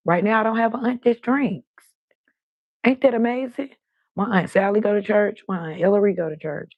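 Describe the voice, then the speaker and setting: A woman's voice: medium pitch, normal speed, no echo, muffled recording. An older woman, hosting a live stream and chatting casually, telling stories full of quoted voices.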